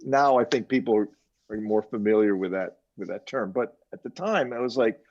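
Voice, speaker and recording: Older man telling animated studio stories. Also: lowish voice, moderate pace. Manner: animated anecdotes, quoting others, chuckling. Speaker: mixing engineer guest. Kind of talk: casual interview storytelling. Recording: dull lo-fi sound.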